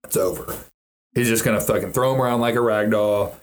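A man's voice: fairly low pitch, fairly even intonation, a little fast. A man chatting casually about fighters, swearing often and restarting his sentences as he rambles. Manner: profane, rambling, frequent restarts.

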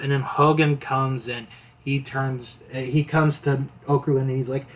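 Over a tinny, phone-like line, a man at medium pitch describes an old wrestling tape one scene at a time. His delivery is flat and his speed normal, though he's clearly amused, rambling casually with fillers.

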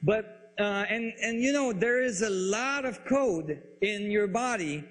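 A man explaining science ideas in a lecture style, halting and searching for words, with frequent restarts. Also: high voice, fairly bright tone. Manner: enthusiastic about the ideas. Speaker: speaker on physics and biology.

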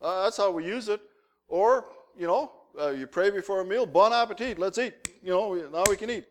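A man preaching a sermon as pastor, telling lively, humorous anecdotes. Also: high voice, brisk. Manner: animated anecdotal storytelling with humor.

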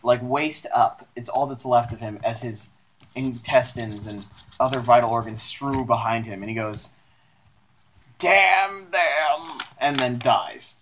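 A man's voice: mid-range voice, steady tone, moderate pace, slight background noise. A man narrating as game master of a tabletop game, playful and laughing as he describes scenes.

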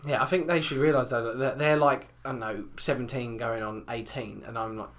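A man's voice: medium pitch, fairly even intonation, fairly quick, a bit bright. A man, talking in an easy, rambling chat. He swears a lot and winds himself up, now and then mimicking others in put-on voices. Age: 20s. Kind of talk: casual chat.

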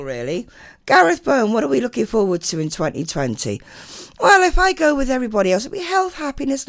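Older lady on local radio, bit hoarse, chatty, voice swoops up and down loads, dry studio sound. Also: fast talker, no room sound. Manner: chatty and animated, swooping pitch. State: hoarse from a chest infection. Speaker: radio show host. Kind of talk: casual radio chat reading listener messages.

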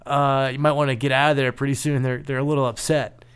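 A man in a casual chat telling a story about a job, relaxed and wry, acting out the people he quotes. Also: mid-range voice, fast talker, clear, resonant tone. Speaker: penetration tester co-host.

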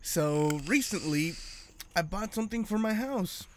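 A man with a slightly higher voice than most, telling a story with lots of swearing. He acts out each person's lines as he goes, in a loose, casual chat. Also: measured pace, noisy background. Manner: profane animated storytelling.

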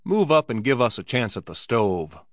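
A man's voice: mid-range voice, expressive, moderate pace, fairly bright tone, dry recording, clean studio sound, lightly acted. A man doing an old brogue-tinged hotel keeper. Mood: commanding. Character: old male hotel keeper, gruff and coaxing.

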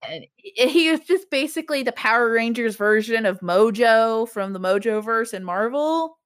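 A woman's voice: fairly high pitch, expressive, normal speed. A woman in her thirties co-hosting a casual podcast chat, rambling with lots of "like" and frequent laughter. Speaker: podcast co-host. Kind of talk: casual chat reviewing a TV show.

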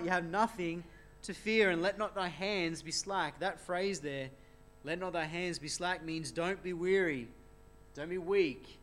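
A man's voice: high voice, measured pace, a bit bright. A man preaching an expository sermon in an earnest way, often asking rhetorical tag questions.

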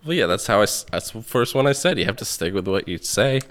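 A man's voice: lowish voice, animated, fast, fairly bright tone. A man co-hosting a true-crime podcast, chatting casually with dry, teasing banter. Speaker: podcast co-host.

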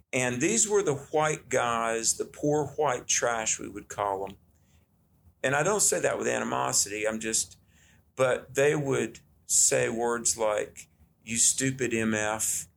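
Middle-aged man, earnest storyteller, mid-pitched, faint noise behind. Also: fairly bright tone. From Southern United States. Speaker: guest. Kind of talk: conversational storytelling.

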